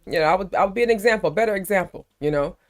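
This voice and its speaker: A woman with grandchildren, hosting a casual live stream chat in an animated, emphatic way. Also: medium pitch, faint music behind. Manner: animated, emphatic, quick to heat up.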